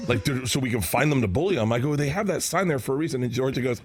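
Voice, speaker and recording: A man telling stories as a comedy guest in a studio interview, excitable and laughing often, acting out the people he quotes. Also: a little high, fast, slightly rough. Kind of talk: animated storytelling in an interview.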